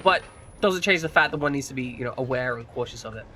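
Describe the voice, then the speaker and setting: A man's voice: medium pitch, animated, fast talker, bright, forceful tone, a little hiss or hum. A man streaming a game, talking in a rambling, casual way with frequent swearing and restarts. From United Kingdom. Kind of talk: casual chat while gaming.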